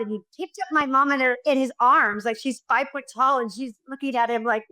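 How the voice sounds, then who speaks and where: A middle-aged woman, a podcast guest, chatting casually and telling stories with lively enthusiasm. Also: high voice, a little fast, hardly any pauses, no room sound. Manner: effusive, animated storyteller. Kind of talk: casual interview chat.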